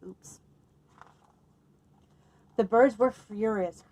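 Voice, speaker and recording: At children's story time, a librarian with a medium-pitched voice reads a picture book with lively expression, stopping to quiz her young listeners. The audio is poor.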